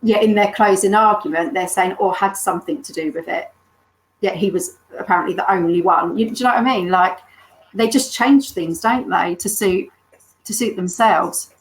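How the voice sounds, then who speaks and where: A woman hosting a podcast interview, agreeable and quick to chime in with listening sounds. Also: medium pitch, low-quality recording. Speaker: podcast host.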